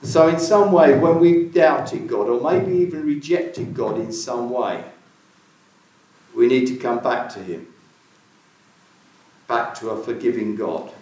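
A man's voice: medium pitch, takes it slowly, pauses often, a little mellow. A man preaching a sermon in an earnest way, putting searching questions to his listeners. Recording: very echoey room, voice from far off the mic.

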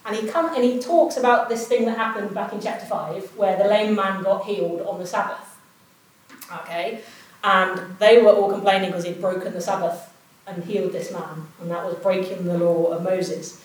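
A woman's voice: mid-range voice, normal speed, a little mellow. A woman giving an informal sermon in a conversational way, often asking her listeners questions. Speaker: preacher. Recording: roomy echo, voice far from mic.

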